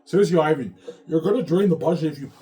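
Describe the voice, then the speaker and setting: A man voicing an excitable, gushing male friend who eagerly pleads and keeps repeating the listener's name. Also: a little high, fast, pitched above the performer's own voice, lightly acted. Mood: pleading.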